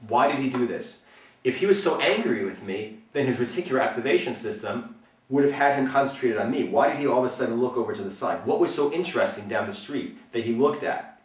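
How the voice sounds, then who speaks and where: A man explaining self-defense as an instructor, speaking earnestly and often checking in with a quick "okay?". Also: medium pitch, lively intonation, far from the mic. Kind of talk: instructional talk. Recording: roomy, mic set back from speaker.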